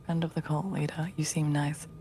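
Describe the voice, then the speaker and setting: Brief: woman streamer, tired and giggly, low-pitched voice, faint ambient hiss, drifts into whispers. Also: little pitch movement, fairly quick. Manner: laughs often, drifts into soft whispers. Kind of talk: casual chat reading viewer comments.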